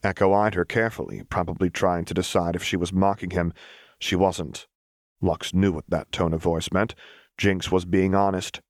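A man reading fan fiction aloud in a measured, even narration. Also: deep voice, no echo, clean studio sound. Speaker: audiobook reader.

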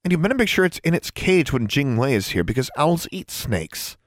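Male narrator as worried teen roommate: high, tight, bossy. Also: big pitch swings, brisk, dry recording, studio quality, natural voice. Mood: anxious. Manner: anxious, shrill and bossy. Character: nervous teenage girl roommate, fussy and practical.

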